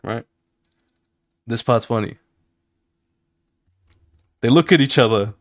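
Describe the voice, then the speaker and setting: A man who streams his drawing, casually walking viewers through his comic pages with animated, fast talk, swearing and sound effects. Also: medium pitch, no echo, clean studio sound.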